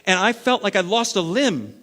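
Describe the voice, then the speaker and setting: A man preaching a sermon as lead pastor, acting out everyday scenes and swinging between loud bursts and hushed stretches. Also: high-pitched, expressive, normal speed. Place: church sanctuary. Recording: long reverb of a large hall.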